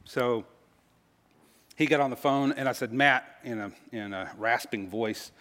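A man telling a personal story to an audience in a casual, halting way, with many fillers and restarts. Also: mid-range voice, steady tone, fairly bright tone. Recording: long hall reverb.

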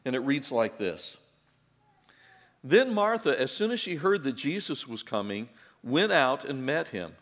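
A man preaching a sermon in a relaxed, conversational way, with joking asides and repeated words. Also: medium pitch, a little slow. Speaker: pastor. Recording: long reverb in a large hall.

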